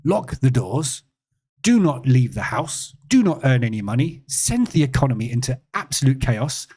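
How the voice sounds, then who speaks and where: A man putting on the voice of a pompous older public figure, issuing slow, mock-solemn orders. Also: medium pitch, sing-song, a little mellow, slightly rough.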